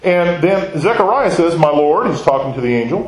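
A man's voice: on the high side, animated, normal speed. Guy leading a bible class, voice goes up and down a lot, keeps quizzing the room, echoey. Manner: conversational, asks the class questions. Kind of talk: Bible study lesson.

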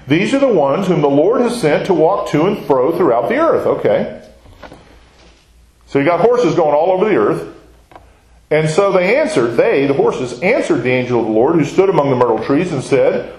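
A man's voice: on the high side, darkish tone. Guy leading a bible class, voice goes up and down a lot, keeps quizzing the room, echoey. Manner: conversational, asks the class questions. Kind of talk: Bible study lesson.

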